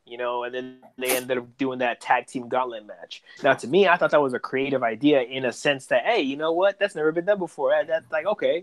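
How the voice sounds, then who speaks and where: A man co-hosting a casual podcast, rambling with many fillers and repeated words. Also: mid-range voice. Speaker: podcast co-host. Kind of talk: casual wrestling chat.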